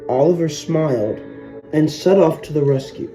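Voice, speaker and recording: A narrator reading a children's train story aloud in a slow, even way. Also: mid-range voice, soft background music.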